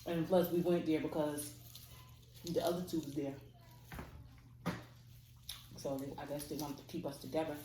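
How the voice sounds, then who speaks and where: A woman's voice: low-pitched, fairly even intonation, moderate pace, pauses often. A woman in her thirties casually telling a story, acting out quotes and laughing often. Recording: echoey room with faint noise.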